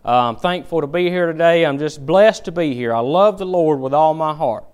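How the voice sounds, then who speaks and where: A man's voice: a little high, normal speed, a little mellow, smooth, close to an everyday voice. A man voicing an overly pious churchgoing woman who talks in sugary, effusive, falsely holy phrases. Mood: gushing.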